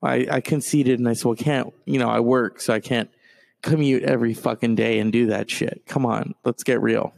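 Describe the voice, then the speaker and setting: A man doing stand-up storytelling, profane and animated, jumping from loud outbursts to low mutters. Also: moderate pace, creaky.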